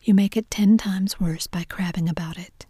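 A woman's voice: on the low side, steady tone, normal speed, husky, no echo, studio quality. A woman whispering the lines of a blunt, impatient rich man in a whispered role-play. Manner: curt, sharp.

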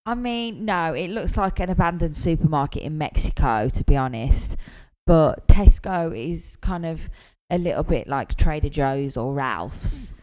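A woman's voice: deep voice, unhurried, mellow. A woman from the north of England, chatting casually as co-host and explaining British things. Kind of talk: casual podcast chat.

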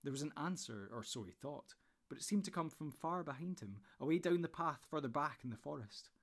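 A man reading a storybook in steady, measured narration. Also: a little high. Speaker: audiobook narrator.

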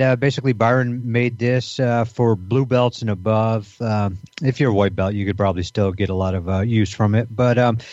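A man's voice: on the low side, a little mellow, no echo, dull audio. A man co-hosting a podcast in casual banter, rambling with many fillers and restarts. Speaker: podcast co-host.

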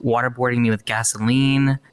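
Male player as a matter-of-fact burger joint worker; smooth, dry. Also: mid-range voice, flat delivery, fairly quick, no room sound, natural voice. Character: kidnapped fast-food worker, matter-of-fact. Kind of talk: in-character game role-play interview.

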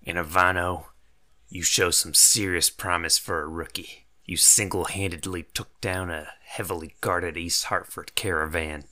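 A man's voice: deep voice, fairly even intonation, measured pace, bright, forceful tone, exaggerated voice. A man voicing a confident male gnoll warrior commander who speaks in a formal, commanding way. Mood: approving.

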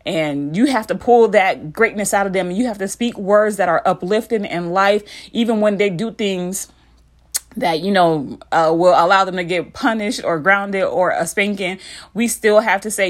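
Woman in her thirties, mid-pitched, talking through an earnest, encouraging devotional in a casual podcast voice, with a repetitive preaching rhythm. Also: moderate pace. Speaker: podcast host giving a devotional message. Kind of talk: informal devotional talk.

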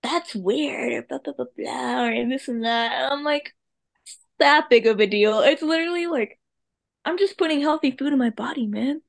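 A woman's voice: high voice, moderate pace, vocal fry. A woman guest on a podcast, chatting casually and acting out other people in a mocking tone. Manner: laid-back, acts out quoted people in a mocking tone. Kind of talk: casual chat.

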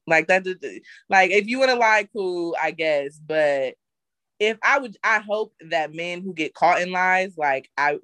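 A woman at a middling pitch talks frankly in loose slang, circling back and restarting as she makes her point. The recording is dry and close. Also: a bit bright, dry recording. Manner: candid, slangy, rambling with restarts. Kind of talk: casual chat.

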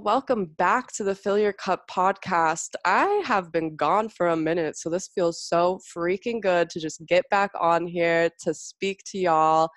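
A woman's voice: on the low side, dry recording. Gushing young woman podcast host, dry close sound. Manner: gushing, profane, filler-heavy. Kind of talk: casual chat.

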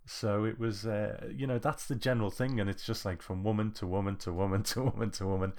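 A man's voice: fairly low pitch, fairly even intonation, brisk, a little mellow. A man co-hosting a podcast, recapping a film plot casually and rambling with many fillers. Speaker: podcast co-host. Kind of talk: casual film review chat.

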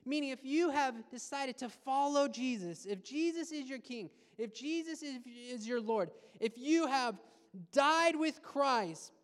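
Animated preaching man in a reverberant hall. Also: very high-pitched, a little slow, smooth. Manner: animated, conversational preaching with playful asides. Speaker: pastor. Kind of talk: sermon.

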